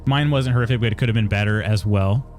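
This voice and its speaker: A man's voice: fairly low pitch, quick pace, a little mellow, faint music behind. A man live-streaming a video game, chatting casually with his viewers and chuckling often. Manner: chatty, reads chat aloud, frequent chuckles. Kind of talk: casual live-stream chat while gaming.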